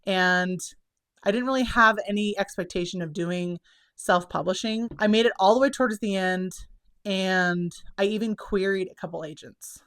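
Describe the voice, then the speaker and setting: A woman's voice: medium pitch, moderate pace, a bit bright. A young woman chatting casually to camera as a channel host. She is out of breath and upbeat, with many fillers. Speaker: self-published children's book author and channel host.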